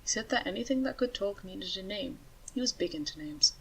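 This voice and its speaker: A woman voicing a calm, wry male talking rattlesnake in a storybook reading, speaking in a matter-of-fact way. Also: medium pitch, brisk, gravelly, slight background noise, rough recording. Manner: matter-of-fact, dryly joking.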